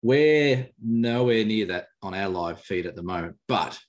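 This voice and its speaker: A man in his thirties co-hosting a casual live chat over a video call, quick and jokey. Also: lowish voice, lively intonation. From Australia. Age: 30s. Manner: quick, jokey, laughs easily. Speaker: podcast co-host.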